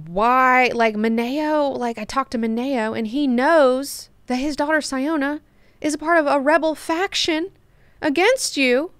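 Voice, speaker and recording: A woman voicing a frustrated, agitated man in a shrill, exasperated, profane rant. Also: unhurried, no room sound.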